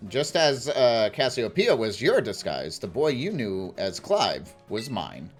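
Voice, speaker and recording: A man's voice: mid-range voice, big pitch swings, measured pace, faint music behind. A man voicing a formal, old-fashioned male school director while reading game dialogue aloud.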